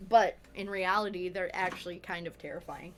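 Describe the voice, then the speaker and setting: A woman's voice: fairly low pitch, normal speed, slight background noise. Chatty, jokey young woman co-host. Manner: chatty, jokey, crude, storytelling. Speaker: co-host of a let's play. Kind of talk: casual chat over gameplay.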